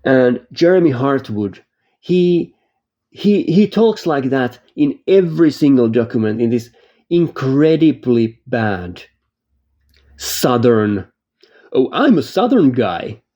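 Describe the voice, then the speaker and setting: A man's voice: medium pitch, mellow, highs cut off. A man who is not a native English speaker, casually reviewing games, rambling and restarting his sentences and laughing easily. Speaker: game reviewer. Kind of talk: casual spoken game review.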